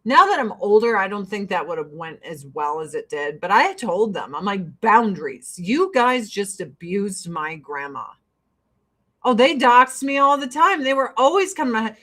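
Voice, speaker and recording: A woman's voice: a little high, lively intonation, moderate pace, hardly any pauses, bright, forceful tone. A middle-aged woman chatting casually while doing her makeup, telling blunt, profane stories with frequent laughs. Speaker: vlogger. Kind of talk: casual get-ready-with-me chat.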